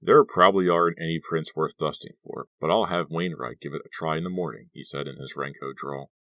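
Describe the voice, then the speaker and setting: A male audiobook narrator with a strikingly deep voice reads a novel in a steady, measured way. The recording is dry and close. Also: dry recording. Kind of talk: scripted narration.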